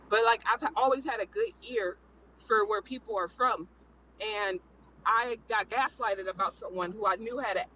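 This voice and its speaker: A man with a very high, bright voice talks in rambling bursts, hammering his points by repeating them. The recording is slightly muffled, with faint noise underneath. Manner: rambling, emphatic, repeats himself. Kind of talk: casual panel chat.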